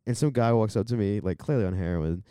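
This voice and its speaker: A man's voice: on the low side, quick pace, dark tone, clean tone, no echo, clean studio sound. A young man co-hosting a casual podcast chat, telling rambling stories with plenty of swearing. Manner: profane, rambling storyteller. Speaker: podcast co-host.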